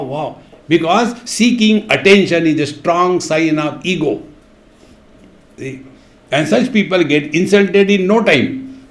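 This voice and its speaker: A man giving a spiritual discourse, chanting verses and explaining them with playful stories and acted voices. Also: fairly high pitch. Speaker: spiritual teacher. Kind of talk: spiritual discourse with humorous anecdotes. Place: retreat hall. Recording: echoey hall.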